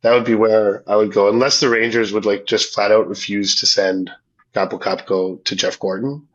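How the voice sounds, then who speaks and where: A man's voice: lowish voice, flat delivery, normal speed, a bit bright. Hesitant man on a dull, lo-fi line. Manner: hesitant, many restarts, laughs easily. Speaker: podcast co-host. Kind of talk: casual hockey podcast chat.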